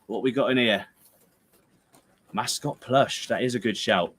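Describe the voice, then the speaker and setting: Chatty West Country English football streamer. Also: male voice, mid-range voice, unhurried, fairly bright tone, slightly rough. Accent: Gloucestershire/Herefordshire English. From England. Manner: chatty, jokey, rambling, with playful outbursts. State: tired. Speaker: football livestream host. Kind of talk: casual livestream chat reading viewer comments.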